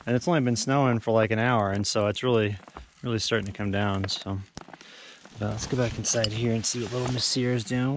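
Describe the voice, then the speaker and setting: A man's voice: on the low side, fairly quick, a little hiss or hum. Man, outdoor vlogger, easygoing rambling talk, camera mic in snowy woods. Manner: relaxed, rambling, with many fillers. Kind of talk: casual outdoor vlog narration. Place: snowy backcountry camp outdoors.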